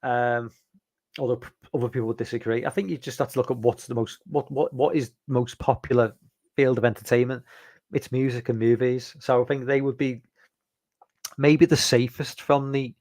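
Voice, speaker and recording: A man's voice: medium pitch, fairly even intonation, normal speed, a little mellow, no echo. Casual stream host, male, rambling and restarting, chatting with viewers, dry close sound. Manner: rambling, many fillers and restarts; reads out and answers viewer chat. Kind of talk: casual live-stream chat.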